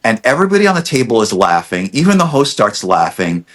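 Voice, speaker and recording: A middle-aged man with a mid-range voice speaks quickly as a podcast guest, a dentist casually telling a family story. He's an animated storyteller who acts out quotes and restarts often.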